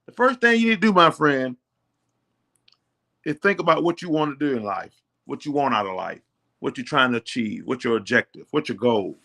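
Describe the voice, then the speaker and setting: Speaking to his network marketing channel's audience, a middle-aged host delivers preachy, repetitive encouragement and grows more fired up as he goes. His medium-pitched voice is expressive, creaky, pushed and bright, moving a little fast.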